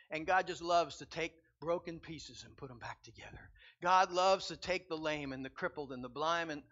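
A man preaching a sermon as pastor, building from quiet reflection to loud, emphatic repetition. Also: fairly high pitch. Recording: dull lo-fi sound.

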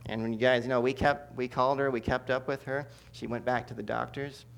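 A man delivers a sermon testimony in a mid-pitched voice. He tells the story with humor and animation, jumping to loud bursts and then dropping to hushed asides. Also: level tone, brisk, vocal fry, a little hiss or hum. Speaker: preacher giving testimony.

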